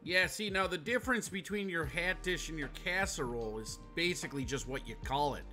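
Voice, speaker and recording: A man's voice: on the high side, fairly quick, sharp tone, soft background music. A Minnesotan man co-hosting a podcast, chatting casually in a brash, profane, teasing way. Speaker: podcast co-host. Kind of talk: casual chat.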